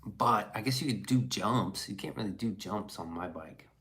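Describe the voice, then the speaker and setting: A man's voice: fairly low pitch, moderate pace, few pauses, a bit bright. A man streaming live, reading chat messages aloud and riffing on them in loose, profane, casual talk.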